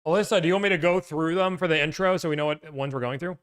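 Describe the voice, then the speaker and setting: A man's voice: a little high, fast, clean tone. A man hosting a livestream, reading through a list and playfully tossing in movie-quote impressions. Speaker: livestream host. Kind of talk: casual livestream chat. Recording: loud, peaking mic.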